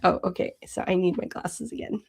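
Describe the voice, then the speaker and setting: A woman in her sixties hosting a casual live chat, reading viewer comments aloud and answering them in a chatty way, with frequent fillers and soft laughs. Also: lowish voice, fairly even intonation, fairly quick, vocal fry, husky. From Hawaii. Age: 60s. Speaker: livestream host.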